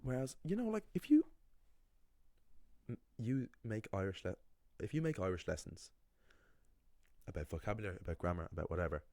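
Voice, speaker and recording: A man's voice: lowish voice, sing-song, brisk, pauses often, a little mellow, no echo, clean studio sound. A man teaching Irish pronunciation, emphatic and critical as he points out common mistakes. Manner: emphatic, critical, with frequent restarts. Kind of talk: explaining pronunciation to learners.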